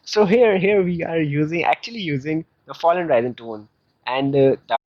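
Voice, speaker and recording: A man with a South Asian English accent teaching a beginner language lesson, explaining slowly and patiently with many fillers. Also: fairly high pitch, no room sound. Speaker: Chinese teacher. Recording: dull lo-fi sound.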